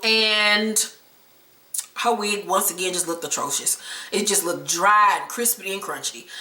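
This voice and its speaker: A woman's voice: a little high, pushed and bright, echoey room, recorded from a distance, rough recording. Blunt, gossipy woman recapping TV. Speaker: reality TV recap host. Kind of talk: sassy episode recap commentary.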